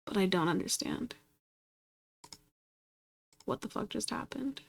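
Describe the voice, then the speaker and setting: With a medium-pitched, expressive voice, unhurried and edged with vocal fry, a woman streams herself playing a computer game. She talks casually to herself, losing patience and swearing at the game, with slight background noise audible.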